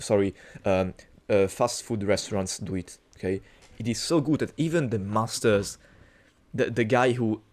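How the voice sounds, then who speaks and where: A man's voice: on the low side, a little mellow. Rambling young man. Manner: rambling, profane, many restarts and fillers. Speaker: cooking vlogger. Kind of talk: casual storytelling monologue.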